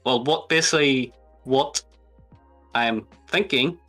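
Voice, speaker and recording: Bright, teasing man. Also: mid-range voice, slow pace, soft background music. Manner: hedging, teasing, laughs often. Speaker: guest. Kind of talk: casual chat.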